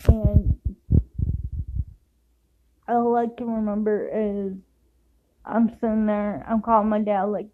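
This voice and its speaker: A grieving mother telling a personal story to camera in a raw, emotional way, sometimes rushing her words. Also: mid-range voice, little pitch movement, darkish tone, rough recording. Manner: raw, emotional retelling, rushed bursts.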